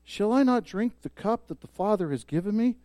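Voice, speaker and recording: High-voiced emphatic male preacher. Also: lively intonation, brisk, dry recording. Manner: emphatic preaching, rising loud on key points and dropping soft. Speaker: pastor. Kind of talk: sermon.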